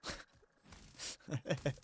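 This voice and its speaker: A man's voice: drawn-out words, a little hiss or hum. A man livestreaming a game, rambling casually and muttering to himself between remarks. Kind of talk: casual chat while gaming.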